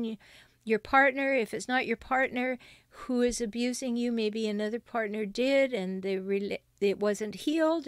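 A woman's voice: a little high, dry recording, clean studio sound. A woman hosting a solo advice podcast, speaking emphatically and directly, repeating key points. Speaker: podcast host and relationship counselor.

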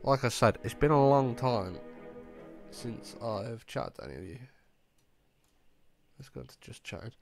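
Music plays behind a young streamer who, though ill and with a cracking voice, chats in a laid-back way and responds to viewers one after another. His medium-pitched voice is lively in intonation, unhurried, with long pauses.

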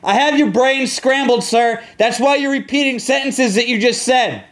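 A man's voice: very high-pitched, moderate pace, a bit bright. A man playing a sheriff's deputy in in-game role-play voice chat, brash, profane and taunting as he talks a suspect out of a room over a headset mic. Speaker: player acting as a sheriff's deputy.

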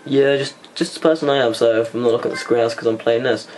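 A man's voice: mid-range voice, steady tone, fast talker, darkish tone, soft background music. A young man chatting casually in a home vlog while playing a computer game, rambling and muttering curses at the game. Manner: rambling, swears at the game, mutters under his breath. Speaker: vlogger. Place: indoors at a computer. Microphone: camera mic, held by hand. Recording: noisy home camera recording.

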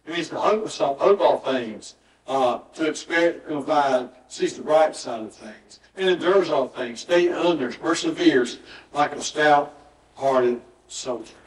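A man's voice: fairly high pitch, slow. A male pastor, preaching a sermon in a church and telling a story, acting out the dialogue with emphatic repetition. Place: church sanctuary. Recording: roomy church audio, mic at a distance.

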